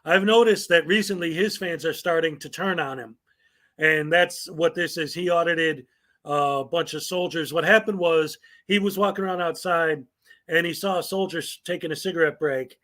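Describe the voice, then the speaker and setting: A man's voice: fairly high pitch, normal speed, sharp tone. A man hosting a commentary show, reading viewer comments aloud in a sarcastic, mocking way. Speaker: commentary channel host.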